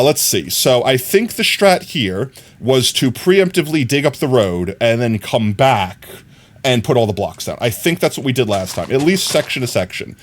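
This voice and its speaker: A man casually chatting to viewers while playing a building game on a live stream, talking through his plans, laughing often and trailing off quietly while he works. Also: medium pitch, a little hiss or hum.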